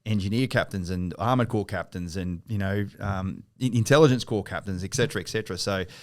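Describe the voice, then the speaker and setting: Low-voiced Australian man, dry sound. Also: fast, no room sound. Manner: swears freely, hesitant restarts. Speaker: podcast guest, former army officer. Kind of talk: casual chat.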